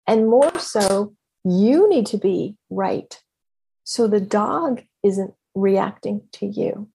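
A woman coach giving a motivational talk in an emphatic, animated way, laughing often. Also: on the high side, normal speed, slightly rough.

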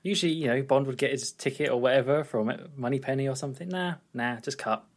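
A man's voice: mid-range voice, quick pace. A man co-hosting a podcast, chatting casually about a film with dry quips. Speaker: podcast co-host. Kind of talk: casual film recap chat.

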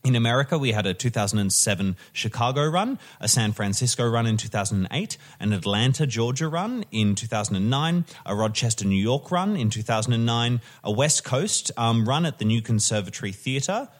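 A man's voice: mid-range voice, expressive, brisk, few pauses. A man hosting a podcast, casually reading out a show's history with wry asides and self-corrections. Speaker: podcast host.

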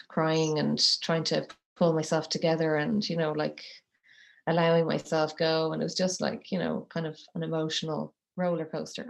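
A woman in her thirties tells a personal story as an interview guest, slowly and haltingly, with many pauses and fillers. Her voice sits low and carries a creaky, gravelly edge. She sounds close to tears. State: tearful. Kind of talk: emotional personal account.

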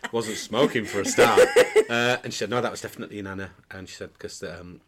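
A lower-pitched man with a slightly husky voice, chatting casually as a guest. He tells anecdotes in a loose, jokey way, restarting phrases and laughing between them. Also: a little fast, a bit bright. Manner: storytelling, jokey, many restarts, breaks into laughter. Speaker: pantomime dame actor, guest. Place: indoor podcast recording.

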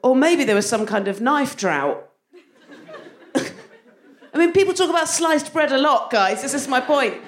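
A woman's voice: sits high, big pitch swings, moderate pace, long pauses. A woman performing live stand-up comedy on a theatre stage, playful and self-mocking, often laughing through her lines. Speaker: comedian, co-host.

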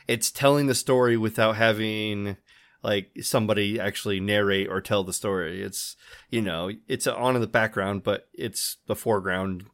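A man's voice: on the low side, a bit bright. A man co-hosting a podcast, chatting casually and hesitantly with fillers and restarts. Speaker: podcast co-host. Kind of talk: casual chat.

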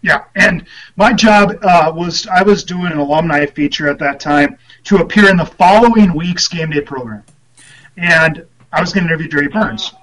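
A man with a fairly high voice telling a story as a podcast guest. He rambles, stops often to restart his sentences, and chuckles at his own tale. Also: moderate pace, fairly bright tone, poor audio. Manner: rambling, lots of fillers and restarts, laughs at himself. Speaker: guest, former team writer.

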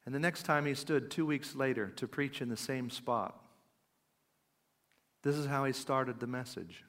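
Earnest man, mid-pitched voice. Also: a little slow, long pauses, a bit bright, long reverb tail. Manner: earnest, reads old quotations aloud with rising emphasis; plain conversational asides between readings. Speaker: podcast speaker. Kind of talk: talk on faith and depression.

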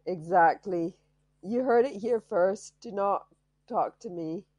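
A woman's voice: mid-range voice, takes it slowly, a little mellow, dry recording. A woman hosting a podcast in casual chat, playful and joking, her voice a little tired. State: voice tiring. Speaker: podcast host.

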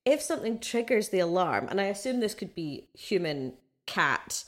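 A pregnant woman co-hosting a casual podcast, telling animated stories and laughing often. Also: medium pitch, moderate pace. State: six months pregnant. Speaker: co-host.

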